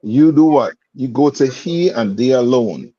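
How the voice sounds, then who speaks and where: A man's voice: mid-range voice, animated, measured pace, dark tone, lo-fi sound. A man teaching a religious brotherhood class in a streetwise, repetitive way, often asking if listeners understand. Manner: repetitive questioning, streetwise phrasing.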